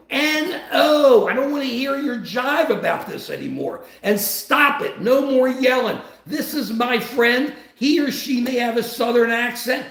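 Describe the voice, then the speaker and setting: A man's voice: very high voice, echoey room, poor audio. A man hosting a podcast and giving impassioned political talk, emphatic and preachy, repeating his phrases. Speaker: podcast host.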